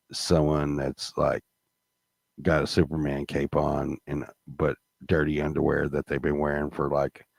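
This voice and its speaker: A middle-aged male guest with an extremely low, creaky voice tells a rambling, profane story full of fillers and restarts, getting more heated and louder as it goes. The studio recording is clean, with no room sound.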